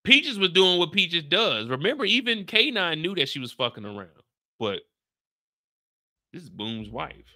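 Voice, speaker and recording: Host type: American man, casual show recap to live chat, playful and slangy, fairly high voice. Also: normal speed, dry recording, studio quality. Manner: animated, slangy, playful, reads out chat questions.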